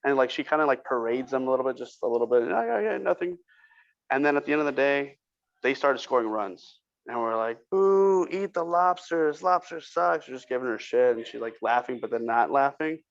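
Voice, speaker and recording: A man's voice: mid-range voice, steady tone, fast, lo-fi sound. A man co-hosting a podcast, telling a long, rambling story in casual chat and cursing freely. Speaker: podcast co-host.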